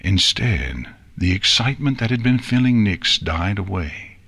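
Male audiobook narrator, smooth storyteller, bright, husky tone, lively pitch. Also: unhurried. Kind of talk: audiobook reading.

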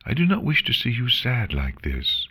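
Man voicing a gentle regal pony princess. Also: mid-range voice, wildly swooping pitch, moderate pace, slightly rough, pitched above the performer's own voice, full character voice. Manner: warm, soothing, reassuring speech. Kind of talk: fan fiction reading.

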